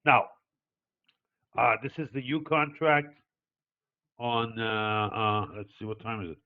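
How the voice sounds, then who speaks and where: An older man with a non-native English accent, a market analyst, teaches a live webinar walking traders through charts. His medium-pitched voice is slow, clear, and resonant with fairly even intonation, and he is digressive and hesitant, using many fillers as he explains step by step. The recording sounds tinny, phone-like, and dry, with no echo.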